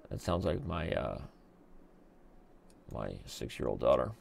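A man's voice: extremely low pitch, sing-song, a little slow, creaky, long pauses, a little mellow. A man in his thirties hosting a live stream, chatting casually and joking while he reads viewer comments aloud. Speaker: chess streamer host.

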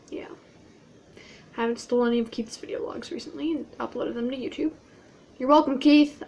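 A woman's voice: a little high, slight background noise. A woman vlogging in character as a cosplayer, rambling in a playful, self-mocking way. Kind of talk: casual in-character cosplay vlog.

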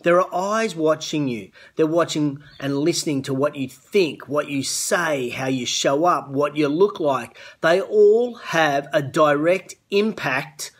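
A man's voice: fairly high pitch, measured pace, hardly any pauses, breathy edge. A middle-aged Australian man hosting a live business show, giving an earnest, coaching talk on leadership and greeting viewers by name. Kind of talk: live-streamed motivational talk.

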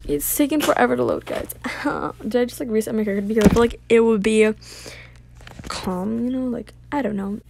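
A female gaming YouTuber giving casual gameplay commentary, excitable and gushing, full of exclamations and reading game text aloud. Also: a little high, a little fast, creaky, noisy background.

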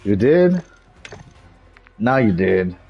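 Young man, gamer host, lively slangy banter, dull lo-fi audio, faint music behind. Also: lowish voice, extremely slow, vocal fry. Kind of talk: casual gaming chat. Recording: dull lo-fi game capture.

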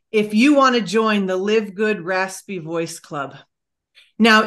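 A woman's voice: medium pitch, fairly bright tone. A woman speaking on a motivational team call, enthusiastic and emphatic as she reads a team member's message aloud. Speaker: network marketing team leader.

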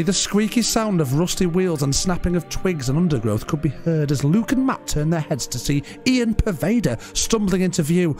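A man reads a silly tale in a mock-solemn voice, his pitch swinging widely and sitting a touch high. He co-hosts a casual podcast and often cracks up between lines. Faint music runs behind him. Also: darkish tone. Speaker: podcast co-host. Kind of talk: comic story reading.

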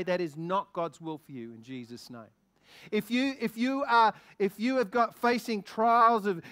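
A man preaching a sermon as a guest minister, excitable and lively, asking the congregation many questions. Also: high voice, clear, resonant tone. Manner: excitable, quickens when stirred.

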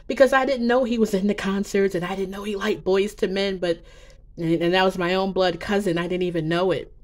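A woman making psychic predictions in a casual vlog, talking slowly in a rambling way with many fillers and restarts. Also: mid-range voice, flat delivery. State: emotional, near tears. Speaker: psychic vlogger.

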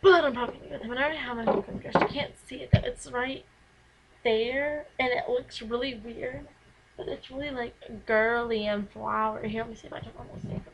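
A woman's voice: fairly high pitch, steady tone, fast talker, background noise. A teenage girl, rambling in a casual vlog from her bedroom, filling her talk with "like", recorded on a camera mic. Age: teens. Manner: chatty, rambling, lots of "like". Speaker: vlogger.

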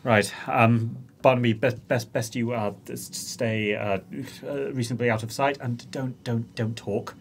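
A man playing a tabletop game, speaking casually in a deliberate, slightly halting way. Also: medium pitch, steady tone, vocal fry, slight background noise. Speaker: player.

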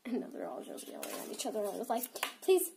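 A teenage girl vlogs to the camera while unboxing toys, giggling and rambling through a stuffy nose and filling her talk with "like." Her medium-pitched voice races along with huge pitch swings, sounding gravelly yet mellow. There's slight background noise behind this casual chat.

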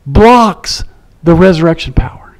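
A male pastor delivers a sermon with a high-pitched voice. He is animated and acts out the people he quotes, shifting his voice for each one. His tone moves between emphatic peaks and softer, lower asides. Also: a little slow, low-quality recording.

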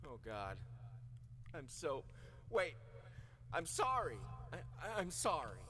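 A drunken, bitter painter in a video game. His voice climbs and plunges wildly as he lurches between sneering jabs and sorry apologies. He sits a touch high for a man. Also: sing-song, slow pace, bright, forceful tone, exaggerated voice. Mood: remorseful. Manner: swings between mocking outbursts and remorseful apologies. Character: drunken, bitter middle-aged male painter.

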